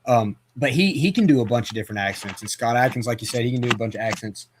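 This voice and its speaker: A man's voice: mid-range voice, fast, a little hiss or hum. A man hosting a casual movie chat, rambling with lots of fillers and restarts. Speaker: podcast host.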